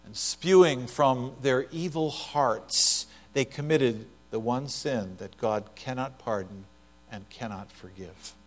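A man preaching a sermon, moving between loud emphatic passages and quiet, hushed lines. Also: mid-range voice, takes it slowly. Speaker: pastor.

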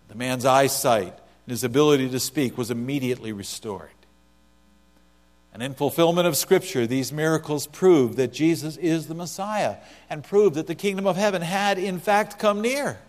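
A man delivering a sermon in a slightly high voice, swinging from loud, emphatic emphasis down to quiet, hushed lines. A faint electrical hum sits under the recording. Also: moderate pace. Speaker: pastor.

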